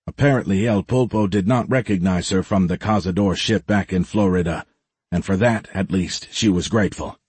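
A man narrating an audiobook in a steady, measured storytelling voice. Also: lowish voice, breathy edge, no room sound. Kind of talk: scripted narration.

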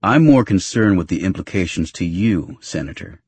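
A man voicing an older male security chief who speaks in a flat, determined, curt way. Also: deep voice, normal speed, slightly rough. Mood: stern.

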